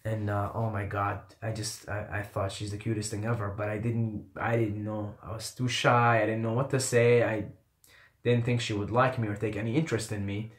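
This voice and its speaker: A young man from the Middle East, whose first language is not English, telling his own story in a casual, animated, self-mocking way and swearing freely. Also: on the low side, moderate pace, echoey room. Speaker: vlogger.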